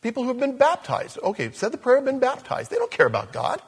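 Animated, husky-voiced male preacher. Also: very high voice, fast talker. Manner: animated, swings from loud to soft, conversational. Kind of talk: sermon.

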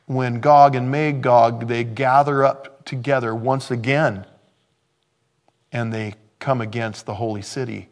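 A man in his sixties, a pastor giving an informal sermon, who swings between loud exclamations and hushed tones. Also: medium pitch, a little slow. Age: 60s.

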